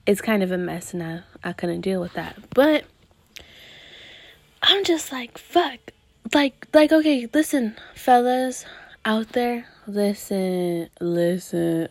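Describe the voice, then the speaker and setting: A woman's voice: on the high side, no echo. Profane ranting young woman podcaster. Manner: profane, animated, heavy swearing. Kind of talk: casual podcast rant.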